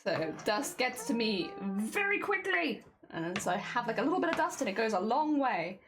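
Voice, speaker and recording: A woman's voice: fairly high pitch, sing-song, moderate pace, noisy background. A woman chatting casually and rambling as she talks, with a slightly wheezy breath from dust. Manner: chatty, rambling, with fillers and self-corrections. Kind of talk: casual chat. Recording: music playing in the background.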